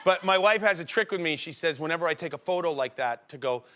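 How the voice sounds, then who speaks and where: A man's voice: fairly high pitch, quick pace. A man guest-hosting a talk show, telling self-mocking jokes with plenty of laughter. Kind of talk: joking talk show banter. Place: television studio. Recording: studio audience and noisy broadcast audio.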